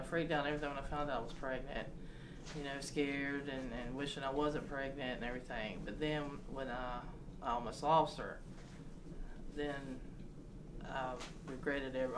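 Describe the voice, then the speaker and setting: A woman in her forties tells family memories in a loose, chatty way, often laughing and trailing off. The recording is a home video with clear background noise. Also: extremely low pitch. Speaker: mother sharing memories. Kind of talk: casual family storytelling.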